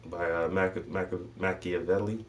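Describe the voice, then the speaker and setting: A man's voice: sits low, level tone, moderate pace, recorded from a distance. A man hosting a casual chat, telling stories loosely with lots of swearing and slang. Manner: loose, swearing storyteller voicing people in his stories. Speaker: host.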